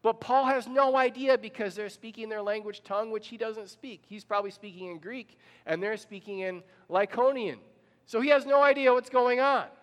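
High-voiced man preaching in reverberant hall. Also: moderate pace. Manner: storytelling, asks the congregation questions. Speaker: pastor. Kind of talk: sermon.

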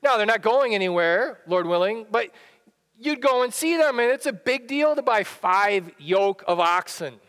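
A man's voice: high-pitched, animated, normal speed, a bit bright, big-room sound. A male pastor giving a sermon in a conversational way, often repeating and restarting his phrases. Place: church sanctuary.

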